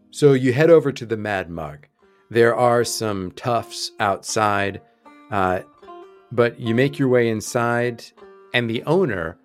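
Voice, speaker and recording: A man narrating as game master of a tabletop game, explaining rules patiently and steering the scene. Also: fairly low pitch.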